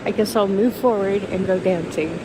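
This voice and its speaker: A woman in her sixties talking slowly in a rambling, emotional vlog, often close to tears and laughing softly. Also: medium pitch, background noise. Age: 60s. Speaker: vlogger. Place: outdoors by the water.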